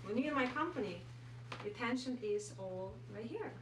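A woman's voice: fairly high pitch, animated, moderate pace, reverberant, recorded from a distance, background noise. A woman with a Russian accent, a native Russian speaker, playing up a coy, mock-mysterious contestant. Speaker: dating show contestant.

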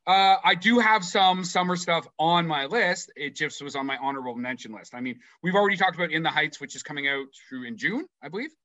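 Bright, slightly high male podcast co-host, playful and profane, dry close recording. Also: a little fast, few pauses, dry recording, dull audio. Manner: animated, swearing, playful. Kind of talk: casual chat.

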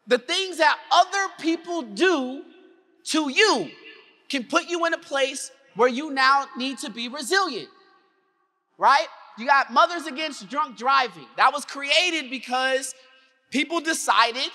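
Very high-voiced, pushed and bright, with lively intonation and a measured pace, a man delivers a motivational keynote. He tells his story with drama and invites call-and-response, his words echoing through a large conference hall.

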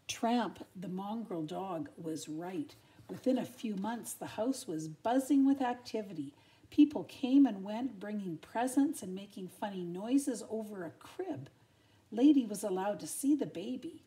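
Older woman gently reading a storybook. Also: medium pitch, unhurried. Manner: gentle, expressive, asides to listeners. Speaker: grandmother reading aloud. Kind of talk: storybook read-aloud.

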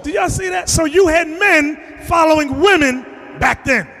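Extremely high yet gravelly, bright and forceful, a bishop's voice moves at a moderate pace as he preaches to his class, confrontational and emphatic, raising his voice often. The classroom is in a big reverberant hall, producing long reverb.

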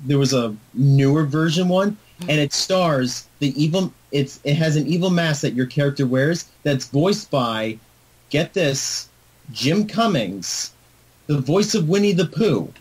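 A man co-hosting a podcast, telling stories in eager, excitable casual chat. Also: a little high, measured pace, husky. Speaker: podcast co-host.

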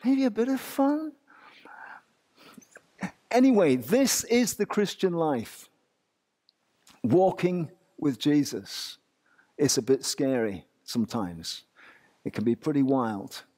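Male English pastor, high and lively voice, unhurried sermon delivery full of rhetorical questions. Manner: animated preaching with rhetorical questions.

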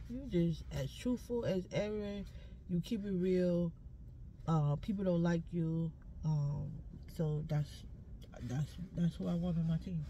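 God coaxing softly, as a woman puts him on. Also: mid-range voice, slight background noise, close to an everyday voice. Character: God speaking kindly to a believer.

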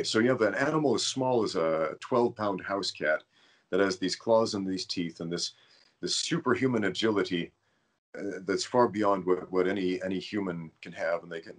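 A man's voice: low-pitched, normal speed. A man hosting a podcast, telling a rambling story in casual conversation and stumbling over his words now and then. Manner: rambling storyteller, self-aware about stuttering. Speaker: podcast host.

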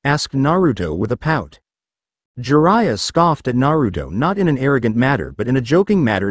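Man reading fan fiction, lively pitch. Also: normal speed, no room sound. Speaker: narrator.

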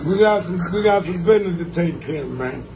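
High-pitched guy teasing his buddy on the phone, slow drawl, noisy background. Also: lively intonation, creaky, a little mellow. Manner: teasing, repetitive, mock-threatening. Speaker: comedian on a phone call. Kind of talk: comedic phone banter.

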